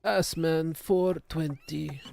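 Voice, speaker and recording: A man voicing a slow, solemn male documentary narrator with drawn-out, grave delivery. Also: on the high side, gravelly, darkish tone, slight background noise, pitched above the performer's own voice.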